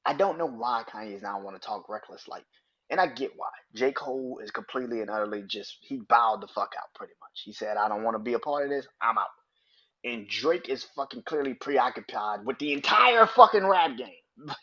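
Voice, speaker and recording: A man hosting a solo podcast, ranting in a profane, animated and emphatic way. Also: medium pitch, a little fast, muffled recording. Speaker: podcast host. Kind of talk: opinionated solo podcast rant.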